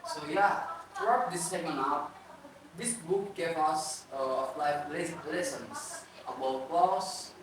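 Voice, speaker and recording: A man's voice: on the high side, animated, slow. A young man co-hosting a student book podcast, reading a casual script with small slips. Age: young adult. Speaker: podcast co-host. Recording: echoey room, far-off mic, faint noise.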